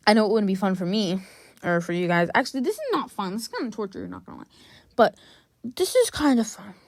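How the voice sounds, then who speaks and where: In a mid-range, slightly mellow voice, a young female gaming vlogger chats through her gameplay, sounding exasperated and addressing her chat directly. The audio is clean studio sound with no echo.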